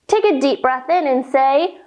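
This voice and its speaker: A woman's voice: high voice, expressive, unhurried, a little mellow. A young adult woman teaching a children's yoga lesson, giving cheerful sing-song instructions with rhymes and animal sounds.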